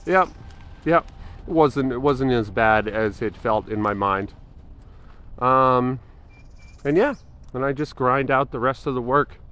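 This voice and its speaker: Man, forties, fitness vlogger, rambling casual talk, mid-pitched voice, lots of ums and restarts. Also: a little slow, long pauses, fairly bright tone. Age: 40s. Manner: rambling, thinking aloud with many fillers and restarts.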